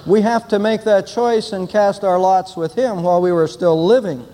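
At a moderate pace, an older pastor moves from easygoing storytelling to firm, emphatic statements in his Easter sermon from the pulpit. For a man, his voice sits high, and the church sanctuary lends it a long reverb.

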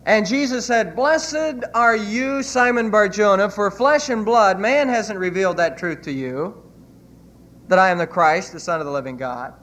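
A man's voice: high voice, moderate pace, fairly bright tone. A man preaching a sermon as pastor, retelling scripture with earnest emphasis.

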